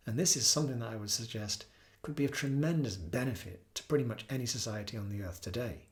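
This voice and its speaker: A man speaks in an earnest, unhurried way, sharing reflections and stories like a yoga teacher addressing students. His voice sits at an ordinary, middle pitch. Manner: earnest, storytelling, breaks into soft singing. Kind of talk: reflective spoken talk.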